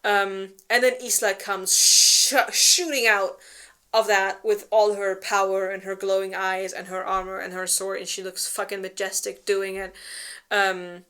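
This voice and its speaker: Woman, book club co-host, casual plot recap, rambling, swears, mid pitch. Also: flat delivery, measured pace, pushed and bright, clear, resonant tone. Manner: rambling with many fillers and restarts, swears freely; acts out characters in exaggerated quoted voices. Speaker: book club co-host presenting a slideshow summary. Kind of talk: casual chat, retelling a plot.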